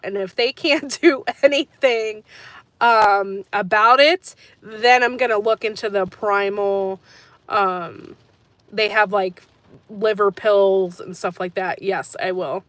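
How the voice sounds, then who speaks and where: A woman's voice: mid-range voice, fairly even intonation, a little slow, a bit bright, dry recording. Chatty woman hosting a gardening stream. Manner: chatty and rambling, laughs often. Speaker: gardening channel host. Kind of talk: casual live-stream chat answering comments.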